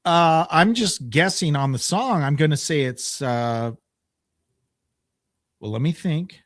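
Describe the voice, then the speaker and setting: A man's voice: fairly high pitch, expressive, slow, a bit bright, dry recording, clean studio sound. A man co-hosting a radio show, easygoing in casual chat and humming guitar riffs.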